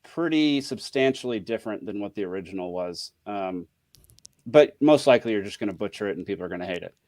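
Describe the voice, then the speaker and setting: A man's voice: fairly low pitch, lively intonation, fast, a little mellow, no room sound. A man as a podcast guest, talking in a laid-back, casual way.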